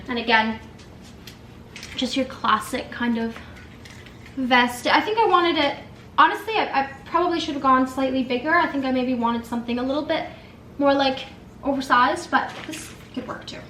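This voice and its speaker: A young woman talks through an unboxing in a bright, slightly high voice, gushing and filler-laden, close to tears. The room around her rings with echo, and a faint ambient hum sits underneath. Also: normal speed. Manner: gushing, emotional, chatty with many fillers. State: tearful. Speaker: lifestyle vlogger. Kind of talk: casual unboxing chat.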